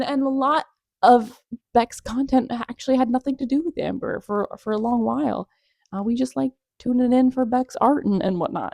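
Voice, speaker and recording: A woman's voice: medium pitch, creaky, warm tone, no room sound, studio quality. A young adult woman hosting a casual commentary vlog, chatty and gossipy with sarcastic asides. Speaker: commentary vlogger.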